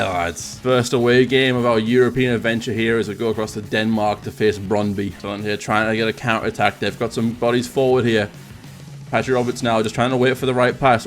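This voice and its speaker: A man commentating on video game football highlights, getting loud and excited at goals. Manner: excitable, rising sharply on goals. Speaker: gaming commentator.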